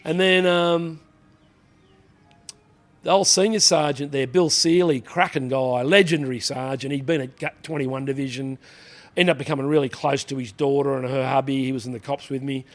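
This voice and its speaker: A man's voice: medium pitch, fairly even intonation, moderate pace. A middle-aged man with an Australian accent, a former police officer telling rambling anecdotes in a casual interview, full of "you know" asides.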